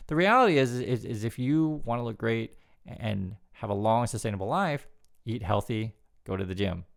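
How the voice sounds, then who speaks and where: A man's voice: mid-range voice, expressive, moderate pace, gravelly. A man giving casual spoken commentary, chatty and often repeating words as he talks. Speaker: news commentary YouTuber.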